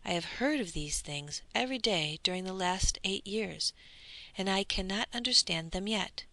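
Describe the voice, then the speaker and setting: A woman's voice: medium pitch, expressive, pushed and bright, no echo. A woman voicing a sneering young aristocrat. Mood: disdainful. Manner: scornful, fastidious.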